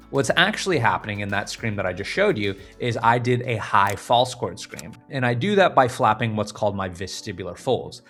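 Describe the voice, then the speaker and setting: A man with a slightly husky voice coaching beginners through scream technique, his pitch moving up and down as he explains. He lays out each point plainly in a lesson over faint music in the background. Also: a bit bright. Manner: explains clearly, breaks into short scream demonstrations. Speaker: vocal coach. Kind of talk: instructional video lesson.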